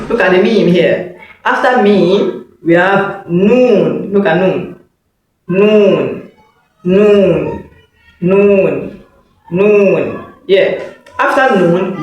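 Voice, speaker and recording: A man giving an online lesson, patiently repeating each letter sound for learners to copy. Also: on the high side. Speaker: Arabic teacher. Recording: very echoey room, mic far off.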